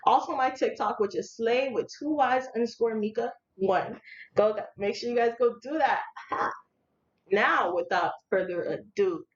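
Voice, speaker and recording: Young woman, casual storytime vlog, animated slangy delivery, fairly high pitch, echoey room, muffled lo-fi audio, faint hiss. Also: unhurried. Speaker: vlogger.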